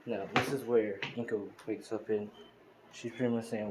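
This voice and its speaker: A man's voice: on the low side, steady tone, normal speed. A man casually narrating a fan story, rambling and full of fillers. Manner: rambling, full of fillers like "you know" and "pretty much". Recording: hissy home screen recording.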